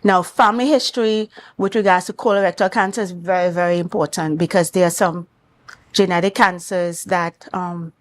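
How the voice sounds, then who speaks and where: A woman doctor with a Trinidad and Tobago accent speaks on a morning talk show. She explains in a measured, clinical manner, in a fairly low voice. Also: fairly even intonation. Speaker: doctor guest.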